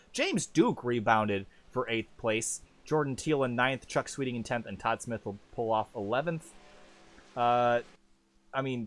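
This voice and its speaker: A man calling an online truck race as lead commentator, chatty and self-deprecating, jumping up in pitch when the action picks up. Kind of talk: sim racing play-by-play commentary.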